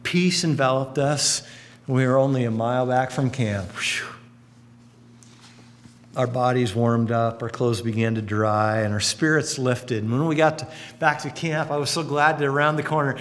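A man delivers a sermon in an earnest, storytelling way, his voice rising and falling as he builds each point. His voice sits in a middle range. The sound carries a long reverb, as if filling a church hall. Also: normal speed. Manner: earnest, storytelling, lively swings in pitch and volume. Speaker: pastor.

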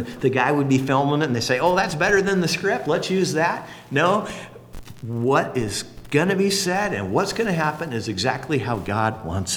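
A man delivering a sermon in a casual, folksy way, his pitch leaping and swooping as he gets excited. His voice rings out with a long reverb, as if in a big hall. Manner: animated, folksy and conversational, leaps up for exclamations. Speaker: pastor.

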